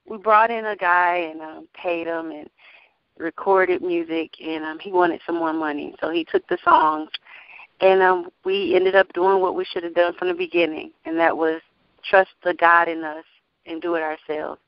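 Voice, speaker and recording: Woman gospel singer, animated testifying talk, kinda muffled dry audio. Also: lowish voice, normal speed, clean tone, dry recording. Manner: animated, testifying, laughs often. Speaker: gospel singer and label owner. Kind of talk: casual interview talk.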